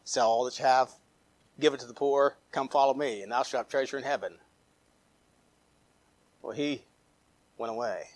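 A man pastor preaching a sermon, reading scripture aloud, with emphatic rises and quiet trailing drops. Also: medium pitch, steady tone, moderate pace, pauses often, no echo. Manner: reads scripture aloud, with fillers and restarts.

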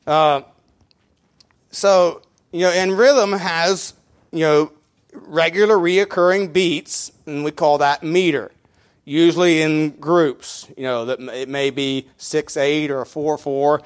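A man's voice: on the high side, fairly even intonation, takes it slowly, clean tone. A middle-aged man preaching a sermon as pastor, talking conversationally with many fillers and restarts, counting out beats aloud. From Mennonite community.

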